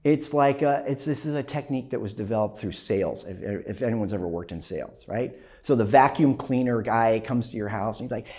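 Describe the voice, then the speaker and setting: A man teaching a class, lecturing in an animated way, often tagging his points with "right?". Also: medium pitch, fairly quick, hardly any pauses. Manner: animated, frequent "right?" tags, acts out phone calls. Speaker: journalism instructor.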